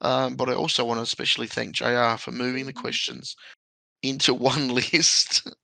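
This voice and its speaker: Male podcast host, gravelly, bright tone, chatty and easygoing. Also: mid-range voice, fairly even intonation, moderate pace, dry recording. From Australia. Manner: chatty, laughs often. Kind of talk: casual podcast chat.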